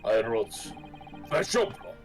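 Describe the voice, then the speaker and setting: A man reading aloud as a killer confessing in halting, clipped broken English, voicing game dialogue on a stream. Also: on the low side, expressive, lightly acted. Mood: flat confession. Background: game music.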